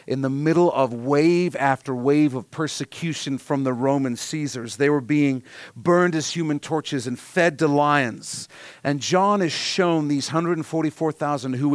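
A man preaching a sermon to his congregation, earnest and emphatic, repeating key phrases and sometimes dropping to a soft, hushed delivery. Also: mid-range voice, no echo. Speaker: pastor.

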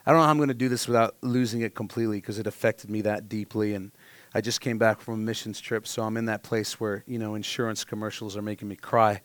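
A man's voice: lowish voice, steady tone, fast, no room sound. Earnest man preaching in a dry room. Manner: earnest, heartfelt storytelling with sudden soft drops. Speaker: pastor. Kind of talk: sermon.

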